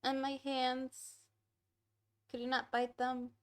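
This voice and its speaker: Giggly high-voiced young woman streamer. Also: monotone, slow, clear, resonant tone. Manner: giggly, chatting to her pets. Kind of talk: casual chat during a game stream.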